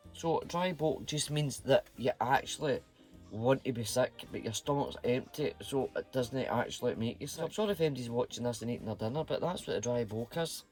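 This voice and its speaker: A middle-aged man with a Scottish accent, chatting casually and playfully to his vlog viewers in a rambling way. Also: medium pitch. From Scotland. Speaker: channel host.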